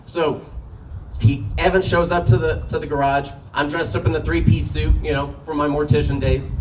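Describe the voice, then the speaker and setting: A man's voice: fairly high pitch, steady tone, moderate pace, far from the mic, noisy background. A man doing a stand-up comedy set, telling a story in a loose, profane way and laughing at his own jokes. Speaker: stand-up comic. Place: small comedy venue.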